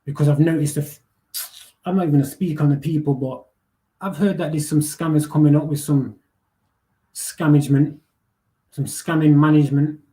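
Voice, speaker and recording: A man's voice: on the high side, steady tone, moderate pace, long pauses, warm tone. A young man, hosting a live panel and ranting bluntly with heavy swearing, street slang and repeated words. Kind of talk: casual rant.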